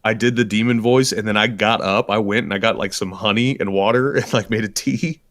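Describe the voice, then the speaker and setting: Low-voiced man reading a grim horror tale. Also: fairly even intonation, a little fast, fairly bright tone, no echo, studio quality. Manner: grim, bitter, world-weary narration. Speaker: guest storyteller. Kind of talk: dramatic horror story reading.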